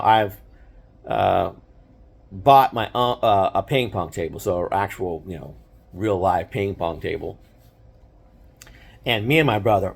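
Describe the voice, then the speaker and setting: An older man with a fairly low voice tells a story from his past in a relaxed, meandering way. He stops and restarts often and fills the gaps with small verbal fillers. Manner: rambling, many fillers and restarts. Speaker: host. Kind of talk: casual storytelling.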